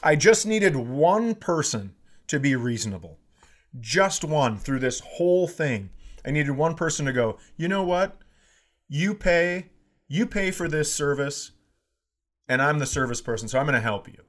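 A man in his fifties telling a comic story as a podcast co-host, animated, swearing and bursting into shouts. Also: fairly high pitch, measured pace. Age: 50s. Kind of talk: comedic storytelling.

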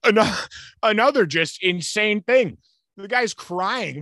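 A man's voice: high-pitched, lively intonation, slow pace, pushed and bright, dry recording, clean studio sound. A man co-hosting a podcast, ranting hotly and cursing, mocking others in quoted voices. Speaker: podcast co-host. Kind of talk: ranting casual chat.

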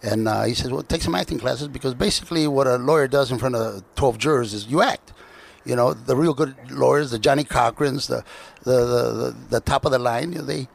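A man with a heavily gravelly, husky voice spins anecdotes in a relaxed interview. He stumbles and restarts his sentences constantly, padding them with fillers. Now and then he puts on other people's voices to act out the story. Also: mid-range voice. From United States. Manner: halting, with frequent restarts and filler words. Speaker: guest.

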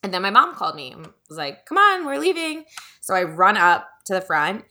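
A woman's voice: lowish voice, fairly quick, sharp tone. A woman in her thirties, a podcast host chatting casually and telling a childhood story, acting out the voices of the people in it. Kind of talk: casual chat.

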